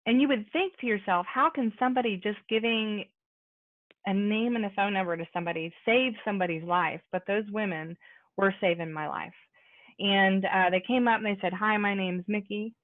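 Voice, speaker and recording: A woman's voice: medium pitch, moderate pace, dry recording. A woman telling her recovery story at a support meeting held over a video call, talking conversationally with lots of fillers and asides. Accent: American. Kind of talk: personal testimony at a support meeting. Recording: tinny phone-like call audio.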